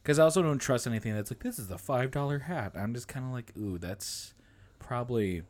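A man's voice: mid-range voice, expressive, fairly quick, darkish tone. A male podcast co-host who spins loose, rambling anecdotes in a casual chat. His voice jumps all over the place as he talks. He swears freely and keeps breaking into laughter.

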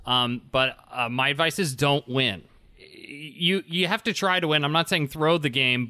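A man's voice: medium pitch, pushed and bright, smooth, no echo. A man co-hosting a casual board game podcast, earnestly explaining how to teach new players and acting out example lines. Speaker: podcast co-host.

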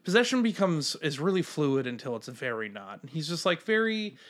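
Bright-voiced rambling podcast guy. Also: medium pitch, very animated, fairly quick. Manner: rambling with many fillers and restarts, acting out scenes. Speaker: podcast co-host. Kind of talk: casual chat.

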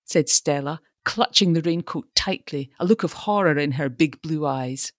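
Female audiobook narrator, expressive and animated, dry booth sound. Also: low voice, no room sound. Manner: expressive storytelling. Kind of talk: scripted narration.

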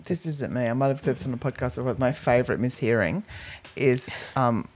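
A woman's voice: rumbling low, brisk, a little mellow. A woman co-hosting a casual podcast, telling stories and acting out the lines people said. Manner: storytelling, acts out quoted speech. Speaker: podcast co-host. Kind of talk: casual chat.

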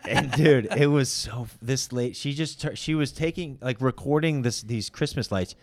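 A man's voice: mid-range voice, normal speed, dry recording. A young man on a podcast, rambling through crude stories in casual chat. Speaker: podcast co-host.

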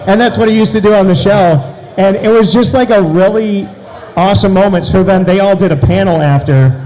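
Mellow-voiced excitable storyteller man. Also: high-pitched, moderate pace, low-quality recording. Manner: excitable, bursts into loud asides. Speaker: interview guest. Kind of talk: animated storytelling.

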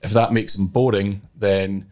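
A man hosting a podcast, speaking in a measured way as he steers the conversation and thinks aloud. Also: on the low side, steady tone, a little mellow. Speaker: podcast host. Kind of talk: casual podcast chat.

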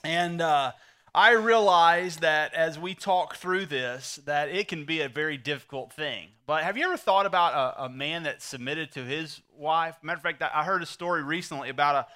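A middle-aged preacher with a bright, slightly high voice. He spins folksy stories and drives his points home emphatically. His tone stays forceful and ringing. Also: normal speed. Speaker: pastor. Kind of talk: sermon.

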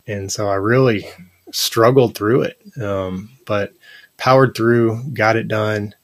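A man in his thirties, a podcast guest, telling personal stories in an earnest, animated way with lots of "like" and "you know". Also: fairly low pitch, slow, no echo. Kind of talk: casual interview conversation.

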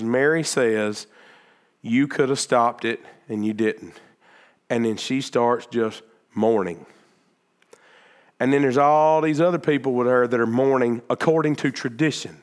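A man preaching a sermon, acting out the words of Bible figures and swinging between loud emphatic peaks and quieter stretches of explaining. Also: mid-range voice, clean tone. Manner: animated, acts out Bible figures' words in quoted speech. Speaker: pastor.

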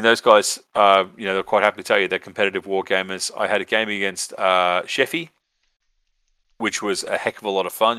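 A man's voice: on the low side, pushed and bright, smooth, no echo. An Australian man hosting a podcast, telling a rambling story casually, with lots of fillers and swearing. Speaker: podcast host.

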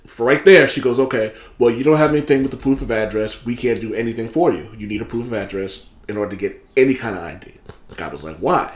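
A man telling a story in casual, animated chat, swearing freely and acting out what others said. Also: mid-range voice, fast, reverberant. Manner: animated, swearing, acts out quotes in other voices.

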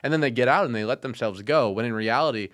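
A man hosting a podcast, speaking in a measured, reflective way and asking long open questions. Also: medium pitch, fairly bright tone. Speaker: podcast host. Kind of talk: casual podcast interview.

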